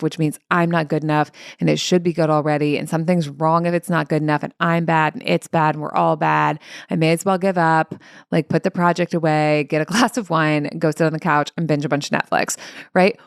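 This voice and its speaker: A woman's voice: low voice, brisk, dry recording, clean studio sound. A young adult woman hosting a solo coaching podcast, talking casually with lots of "like" fillers and acting out inner voices.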